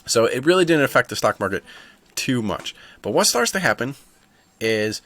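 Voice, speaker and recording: A man's voice: mid-range voice, very animated, moderate pace, a bit bright. A man hosting a stock market video, chatting casually and thinking aloud with asides. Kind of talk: casual market commentary to camera.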